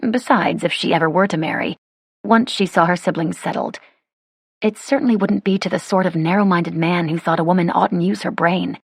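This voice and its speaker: A woman reads an audiobook in a measured, wry way. Her voice is low and husky. It is close-miked and dry, with no room sound. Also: dry recording. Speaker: audiobook narrator. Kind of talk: scripted narration.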